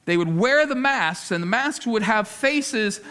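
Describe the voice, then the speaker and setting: A man's voice: sits high, lively intonation, a little slow. A man preaching a sermon. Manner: preaching with big swings between loud emphasis and hushed appeals; repeats words while gathering his thoughts. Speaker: lead pastor.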